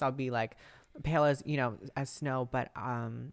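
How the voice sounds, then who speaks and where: A woman's voice: a bass voice, steady tone, normal speed. A woman in her twenties chatting casually as a podcast guest, full of "like" fillers and playful swearing. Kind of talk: casual chat.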